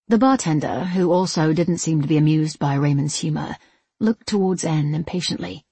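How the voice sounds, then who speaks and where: A woman narrating an audiobook in an even, measured storytelling voice. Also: low-pitched, breathy edge, no room sound.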